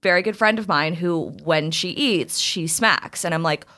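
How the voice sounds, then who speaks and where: A woman's voice: on the low side, normal speed, sharp tone. A woman co-hosting a podcast in casual chat, blunt and swearing freely, laughing often. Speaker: podcast co-host.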